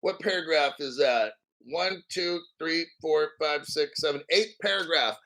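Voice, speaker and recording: A man hosting a crypto livestream, reading an article aloud with profane, sarcastic rambling asides and frequent throat-clearing. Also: fairly high pitch, measured pace, fairly bright tone, rough recording. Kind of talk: profane ranting commentary while reading an article.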